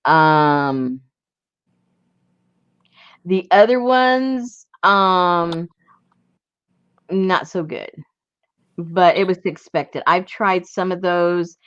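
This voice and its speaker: A woman hosting a casual craft livestream, tired and soft-spoken, laughing often as she chats. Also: on the low side, extremely slow, long pauses, clear, resonant tone, dry recording. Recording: dull lo-fi sound.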